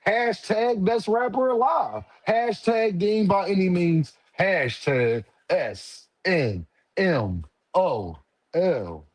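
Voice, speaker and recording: A man hosting a casual livestream, firing off lively, repetitive shout-outs to viewers with slangy banter. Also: high-pitched, slow. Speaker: livestream host.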